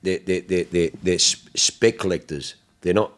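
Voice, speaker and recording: A man's voice: low voice, normal speed. A man hosting a casual car chat, telling stories with plenty of swearing and acted-out quotes. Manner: animated storyteller, swears freely, acts out quotes.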